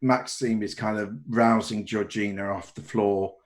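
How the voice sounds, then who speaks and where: A man's voice: fairly low pitch, steady tone, unhurried. A man running a tabletop horror game as game master, narrating in a hesitant way with many restarts. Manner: hesitant, lots of "kind of" and restarts.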